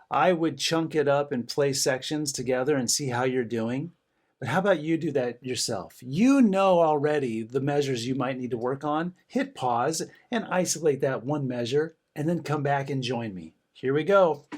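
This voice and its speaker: A middle-aged man giving a band lesson, encouraging students and counting rhythms aloud with bursts of cheering. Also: fairly high pitch. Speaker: band director. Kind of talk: music lesson demonstration.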